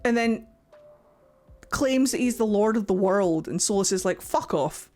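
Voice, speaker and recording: A young woman giving casual reaction commentary, mocking and excitable, who swings between shrieks and low grumbles and swears a lot. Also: moderate pace, faint music behind. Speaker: streamer reacting to a game.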